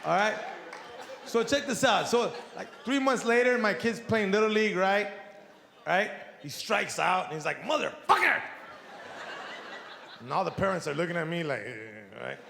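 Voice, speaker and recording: A man's voice: sits high, moderate pace, vocal fry, noisy background. A middle-aged man doing a stand-up comedy routine on stage, swearing freely and acting out his family's voices. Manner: profane, animated, acts out voices of family. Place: comedy stage before a live audience. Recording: echoey hall with audience.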